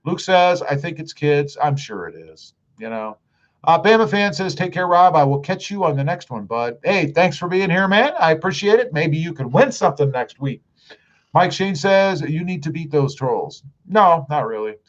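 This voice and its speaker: A man's voice: fairly high pitch, expressive, normal speed. A man hosting a casual live stream, reading viewer comments aloud in an easygoing, drawling way with lots of "uh" fillers. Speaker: YouTube live-stream host. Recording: dull lo-fi stream audio.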